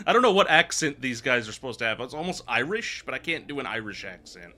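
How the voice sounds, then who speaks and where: A man's voice: medium pitch, sing-song, fairly quick, bright, forceful tone. A man streaming a video game live, chatting casually and laughing often as he plays. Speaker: VTuber streamer. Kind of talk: casual gameplay commentary.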